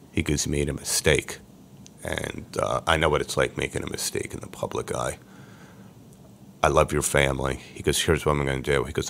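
A man, a podcast guest, telling his life story in a lively way and acting out the voices of people he quotes. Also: extremely low pitch, creaky, slight background noise. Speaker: podcast guest, sports agent. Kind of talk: storytelling interview.

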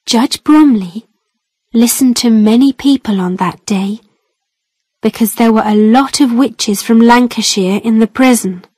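Slow, careful woman storybook narrator. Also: a little high, a little mellow, no echo. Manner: plain, careful, clearly spaced phrasing. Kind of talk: slow scripted storybook narration for English learners.

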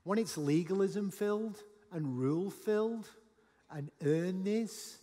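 Pastor, male, fairly high voice, lively sermon delivery, long reverb of a large hall. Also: slow pace. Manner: animated, acts out Bible dialogue with sudden shouts.

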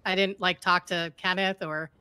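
A woman rambling in character during a roleplay, with a deadpan delivery. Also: on the low side, normal speed, clean tone. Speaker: roleplay player.

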